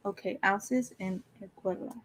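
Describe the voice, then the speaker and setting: Female podcast host, mid-range voice, relaxed and easygoing. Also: medium pitch, a little slow. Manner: easygoing, laughs along, short replies. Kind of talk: casual podcast interview.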